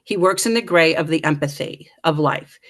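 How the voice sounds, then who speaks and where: A woman guest in middle age telling a story with lively, self-mocking humor, acting out the voices of the people in it. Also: low-pitched, moderate pace. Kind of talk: animated storytelling.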